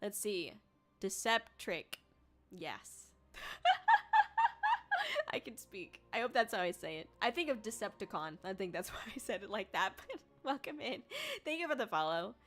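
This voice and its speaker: Lively bright-voiced young woman streamer. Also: medium pitch, measured pace, pauses often. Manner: chatty, laughs often, bursts into squealing shouts. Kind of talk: casual livestream chat. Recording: faint music behind.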